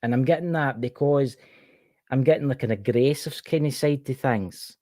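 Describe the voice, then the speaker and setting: A man with a Scottish accent runs a chatty tarot reading on a livestream, naming each card and talking straight to one viewer. His voice is mellow and relaxed, set close and dry with no room around it. He keeps it informal and easygoing. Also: medium pitch, normal speed, no echo. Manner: chatty, reads each card aloud and addresses the viewer by name.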